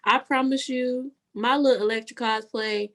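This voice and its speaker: A woman's voice: fairly high pitch, steady tone, normal speed, a bit bright. A woman co-hosting a podcast, chatting casually and enthusiastically hyping up her friends. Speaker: podcast co-host. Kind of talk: casual chat.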